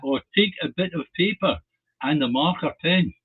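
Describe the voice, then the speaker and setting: A man with a husky, slightly high voice chats about politics in a measured, defiant manner, wandering into asides. The sound is narrow and phone-like. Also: lively intonation. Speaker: co-host. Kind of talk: casual political chat.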